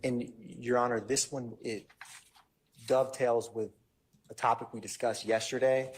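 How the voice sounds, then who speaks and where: A man arguing as a lawyer in court, addressing the judge in a measured, formal way. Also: mid-range voice, little pitch movement, slight background noise. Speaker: trial lawyer. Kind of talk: courtroom argument.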